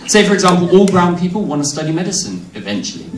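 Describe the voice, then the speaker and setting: A young man performing a cheeky stand-up comedy set, with quick asides to the crowd. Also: high-pitched, very animated, background noise. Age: young adult. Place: large hall on stage. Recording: echoey hall from far off, loud crowd laughter.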